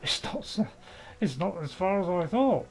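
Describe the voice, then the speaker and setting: An older man in his seventies, rambling and chatty over his gameplay, often poking fun at himself. His voice sits a touch higher than most men's. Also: big pitch swings, moderate pace, poor audio. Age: 70s. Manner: rambling, chatty, joking and self-mocking. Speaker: gaming channel host. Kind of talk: casual gameplay commentary.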